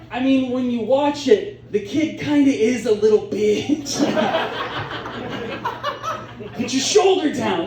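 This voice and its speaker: A man doing a stand-up comedy set in a club, telling stories with comic voices. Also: sits high. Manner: animated storytelling with comic voices. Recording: roomy club sound from a distance.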